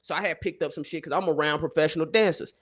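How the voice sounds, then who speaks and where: A man hosting a podcast, telling comedic stories in an animated way, with his voice jumping up when he gets excited. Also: a little high, very fast. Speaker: podcast host. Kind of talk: casual comedic storytelling.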